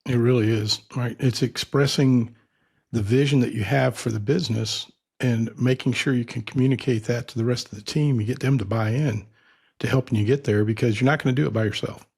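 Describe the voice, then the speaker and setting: Gravelly, husky man hosting an interview. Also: medium pitch, steady tone, a little fast, a little mellow. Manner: agreeable, asks open questions. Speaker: interview host. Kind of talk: casual interview talk.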